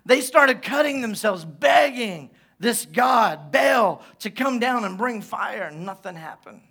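Bright, high-voiced pastor preaching animatedly. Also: male voice, slow, husky. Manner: animated storytelling, acting out quotes in asides. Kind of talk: sermon.

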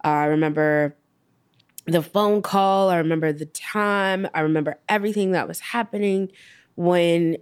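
A young adult woman, slowly recounting a personal loss as an interview guest, halting with many fillers. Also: lowish voice, clear, resonant tone.

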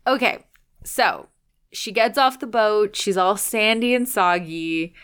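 A woman's voice: medium pitch, slow, a bit bright, clean tone. A woman co-hosting a casual movie review podcast, playful and wry, joking about the film. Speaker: podcast co-host.

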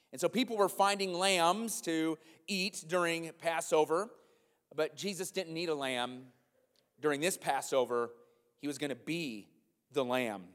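Animated pastor with a higher voice, hall reverb. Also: male voice. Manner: animated, acts out a comic scene in a loud high voice. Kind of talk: sermon.

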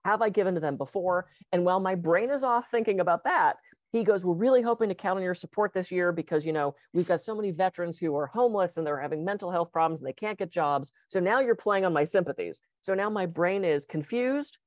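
A woman in casual conversation, a hypnotist and guest who talks fast and animatedly, acting out the voices in her anecdotes. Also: on the low side, dry recording. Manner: fast-talking storyteller.

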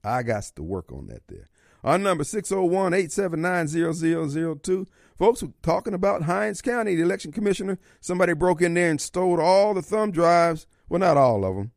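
Man, talk radio host, folksy, theatrical, lively swooping pitch, dry close sound. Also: brisk, gravelly, dry recording. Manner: theatrical, folksy, slips into voices and asides. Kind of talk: opinionated talk radio monologue. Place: radio studio.

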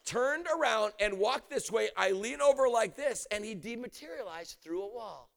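Animated high-voiced man preaching. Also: moderate pace, vocal fry. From United States. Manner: animated, bursts into shouting. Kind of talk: storytelling sermon.

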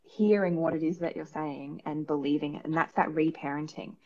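An Australian woman, a perinatal psychologist appearing as a guest, gives casual parenting advice in a relaxed, thoughtful manner. Her voice sits low and moves fairly quickly, and she rambles with lots of fillers while acting out examples. The recording comes from a video call and sounds muffled.

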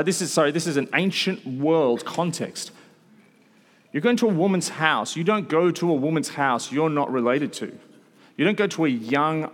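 A man in his thirties preaching a sermon to a room, with animated storytelling and quick asides. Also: medium pitch. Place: large hall with an audience. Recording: long hall reverb.

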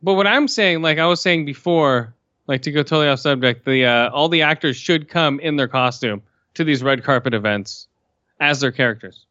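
A man's voice: fairly high pitch, moderate pace, bright, forceful tone, dry recording, lo-fi sound. A young man hosting a podcast, speaking in a laid-back, hesitant way with many fillers. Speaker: podcast host. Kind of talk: casual chat.

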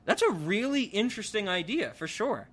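A man's voice: high voice, very animated, moderate pace, fairly bright tone, breathy edge. A young man hosting a podcast, chatting casually with lots of fillers and asides. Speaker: podcast host. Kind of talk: casual chat.

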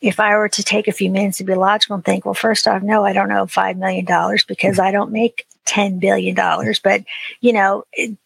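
Creaky, husky woman chatting as a guest. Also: medium pitch, fairly quick, no echo, poor audio. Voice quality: chatty, many "you know" fillers, animated retellings. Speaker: podcast guest. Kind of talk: casual conversational chat.

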